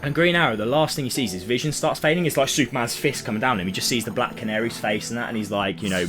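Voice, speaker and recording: A man's voice: mid-range voice, fast, hardly any pauses. Young man telling a comic story. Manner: animated storytelling, acts out characters' lines. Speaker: podcast co-host. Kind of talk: casual podcast chat. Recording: music playing behind.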